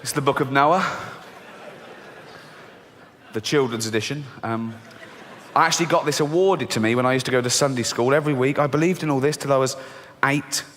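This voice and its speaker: A man's voice: fairly quick, pauses often, a little hiss or hum. A middle-aged English man performing a stand-up comedy set, telling stories bluntly and swearing often. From England. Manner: animated storytelling with squeaky high voices for children. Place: large theatre stage before an audience. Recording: live theatre recording with long hall reverb.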